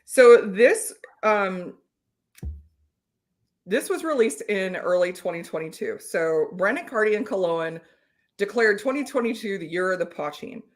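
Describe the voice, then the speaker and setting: A woman hosting a live whiskey tasting, chatting casually and explaining technical details. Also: medium pitch. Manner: informative, reads out viewer comments, lists technical whiskey details. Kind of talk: casual chat, live stream.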